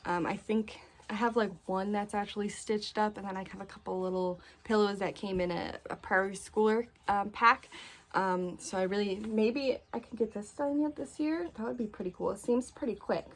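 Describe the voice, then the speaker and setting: A woman's voice: medium pitch, fairly even intonation, moderate pace. A woman chatting casually in a cross-stitch vlog, gushing and full of fillers, a little out of breath. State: a bit out of breath. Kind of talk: casual chat.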